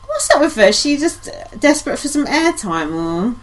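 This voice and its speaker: A woman co-hosting a podcast in casual chat, blunt and sweary with quick rants. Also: sits high, very animated. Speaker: podcast co-host.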